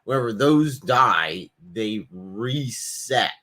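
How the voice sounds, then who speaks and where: A man's voice: lowish voice, expressive, slow, bright, forceful tone. A man co-hosting a casual film review chat, making dry, blunt remarks. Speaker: co-host.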